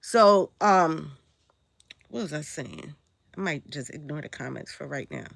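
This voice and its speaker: A woman's voice: deep voice, expressive, unhurried, creaky, dry recording, clean studio sound. A woman hosting a casual spiritual livestream, rambling and answering viewer comments as she goes.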